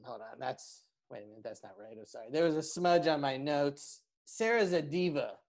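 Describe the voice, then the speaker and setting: A man's voice: a little high, lively intonation, moderate pace, lightly acted. A man putting on a brash male insult roast comic who mock-reads insults from his notes.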